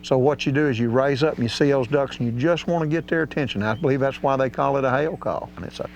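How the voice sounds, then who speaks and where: A man's voice: medium pitch, fast, gravelly. Man, folksy drawl, hunting instructor; slightly muffled audio with light hum. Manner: folksy and drawling, with casual grammar. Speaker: duck calling instructor.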